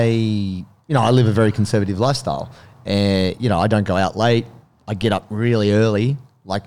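A man with an Australian accent, casually telling a story and acting out the voices in it. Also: lowish voice. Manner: animated, acts out voices in anecdotes.

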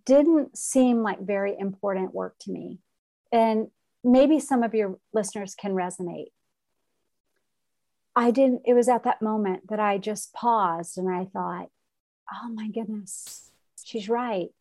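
A woman's voice: medium pitch, unhurried, creaky, mellow. A middle-aged woman, a podcast guest telling an emotional personal story and acting out what others said. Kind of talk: conversational storytelling.

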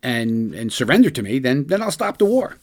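A man's voice: medium pitch, big pitch swings, a little fast. A man voicing a menacing male foreign strongman leader in a clumsy mock Russian accent, smug and demanding surrender. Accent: mock Russian, poorly done.

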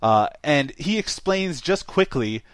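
A man's voice: on the high side, a little slow, clear, resonant tone, no echo. A man hosting a casual podcast, recapping a movie with frequent laughter. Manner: laughs often, animated storytelling. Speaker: podcast host reviewing a movie. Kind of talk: casual chat.

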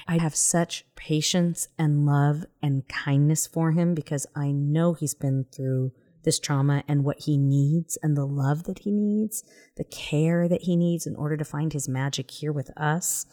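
A woman's voice: deep voice, fairly even intonation, a little slow, dark tone. A woman with a Southern accent co-hosting a podcast, talking casually and earnestly, sometimes dropping to a whisper. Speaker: podcast co-host. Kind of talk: casual chat.

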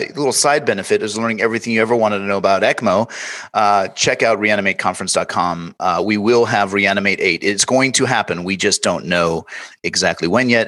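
A man hosting a medical podcast as an emergency physician, telling a story and acting out the dialogue. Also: fairly low pitch. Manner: lively storyteller who acts out quoted dialogue. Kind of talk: casual medical podcast chat and anecdote.

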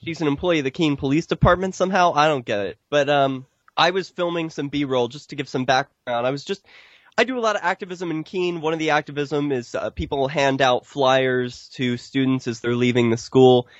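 A man, an activist filmmaker, telling stories in a casual podcast interview, getting animated and jumping up in pitch when he quotes people. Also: a little fast, no room sound, dull audio. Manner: animated storytelling, pitch jumps when quoting others.

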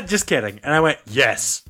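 Animated man telling a story. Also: a little high, a little slow, soft background music. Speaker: podcast co-host. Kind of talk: casual storytelling chat.

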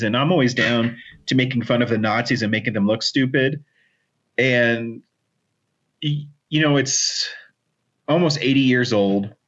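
A man's voice: mid-range voice, fairly bright tone, lo-fi sound. A man speaking as a guest in a casual film discussion, hesitant and full of fillers.

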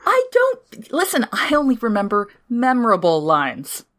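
A woman chatting on a podcast as a co-host, jokey and quick to swear. Her pitch swings widely as she reacts, full of animated energy. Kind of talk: casual podcast chat.

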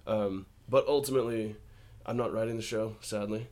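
A man's voice: fairly low pitch, steady tone, moderate pace, darkish tone. A man, an actor guest in a casual interview, telling easygoing stories and laughing often. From born in Australia, raised in Colorado and Texas.

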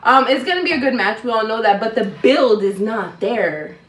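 A woman's voice: a little high, expressive, normal speed. A woman co-hosting a podcast, chatting casually and with strong opinions, laughing often. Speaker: podcast co-host. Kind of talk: casual wrestling chat. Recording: roomy, distant mic.

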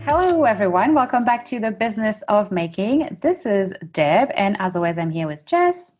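A woman's voice: mid-range voice, big pitch swings, normal speed, a little mellow, faint music behind. A woman co-hosting a podcast in casual chat, talkative, laughing easily and thinking aloud. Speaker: podcast co-host.

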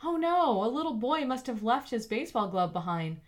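Woman reader doing an eager, chatty sidekick, raised pitch, audiobook. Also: big pitch swings, moderate pace. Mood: curious. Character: Justine, friendly eager adult woman. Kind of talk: audiobook character voice.

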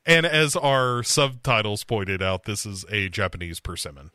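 A man's voice: on the low side, sing-song, moderate pace, sharp tone, no echo, studio quality. A man hosting a casual podcast and recapping a TV series, loose and profane, with lots of fillers. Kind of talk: casual chat.

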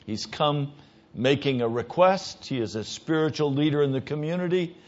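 Male pastor, sermon delivery, emphatic, hushed to loud; muffled low-fidelity recording. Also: normal speed.

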